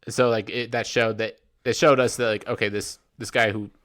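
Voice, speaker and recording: This podcast co-host is a young man whose lowish voice is level and a bit bright, moving at a moderate pace. His talk is a loose movie review chat, full of restarts, tangents and mock quotes.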